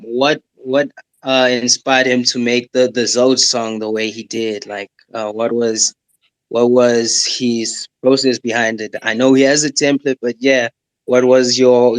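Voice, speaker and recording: Co-host dude asking stuff kinda hesitant, flat voice, dry sound. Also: male voice, medium pitch, dry recording, poor audio. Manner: hesitant, asks questions with fillers. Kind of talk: casual chat on a live audio call.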